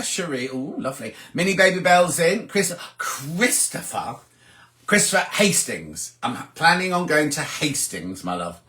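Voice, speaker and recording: A man's voice: sits high, fairly bright tone. Chatty older man. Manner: chatty, reads out comments and answers them. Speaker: host of a sewing livestream. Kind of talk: casual live chat reading viewer comments.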